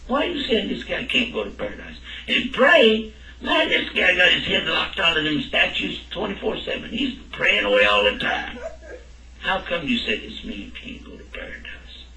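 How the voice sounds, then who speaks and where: A man's voice: sits high, wildly swooping pitch, normal speed, bright, forceful tone, pitched above the performer's own voice, full character voice. A man voicing a skeptical man who challenges the teacher, asking pointed, indignant questions. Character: skeptical man defending a kind neighbor. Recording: echoey room, mic at a distance.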